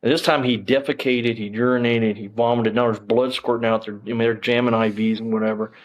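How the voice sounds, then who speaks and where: A man's voice: medium pitch, level tone, brisk, highs cut off. Blunt, profane man with a drawl. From Texas. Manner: blunt, profane, emphatic storytelling with many fillers. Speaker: interview guest. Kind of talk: casual storytelling interview.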